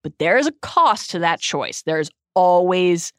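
Earnest, lively woman podcast host. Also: fairly low pitch, unhurried, no echo, studio quality. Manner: earnest, emphatic, literary. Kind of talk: podcast book discussion.

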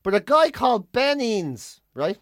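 A co-host telling a story in casual chat, animated and excitable, often swearing. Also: mid-range voice, unhurried, dry recording, clean studio sound.

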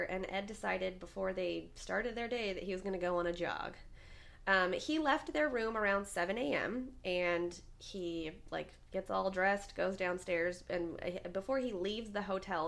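A woman's voice: mid-range voice, moderate pace, vocal fry, fairly bright tone. A woman hosting a podcast, telling a true-crime story in a chatty, rambling way, full of fillers and restarts. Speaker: podcast host.

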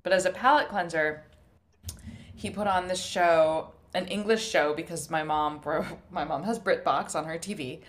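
A young woman co-hosting a food podcast in casual chat, telling animated stories, swearing and laughing often. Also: fairly low pitch, moderate pace. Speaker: podcast co-host.

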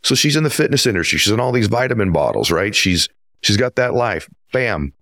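A man's voice: on the low side, sing-song, brisk, a bit bright, no echo, clean studio sound. A man hosting an interview, introducing his guest with earnest, emphatic storytelling. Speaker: podcast host.

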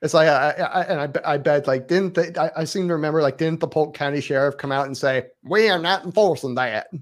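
A man's voice: on the high side, steady tone, fast. A man in his late twenties, a guest from the Southern US, talking in a rambling way with many fillers and restarts. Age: 20s. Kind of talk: casual conversation.

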